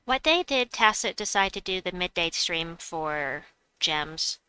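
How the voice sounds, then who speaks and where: A woman's voice: fairly low pitch, lively intonation, unhurried, sharp tone, smooth, poor audio. A woman streaming a game, chatting casually, reading viewers' messages aloud and laughing often. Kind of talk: casual live-stream chat.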